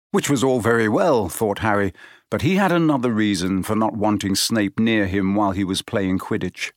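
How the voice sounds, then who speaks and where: A man's voice: on the low side, no room sound. Man reading an audiobook, dry close sound. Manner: measured, steady storytelling. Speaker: audiobook narrator. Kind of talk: scripted audiobook narration.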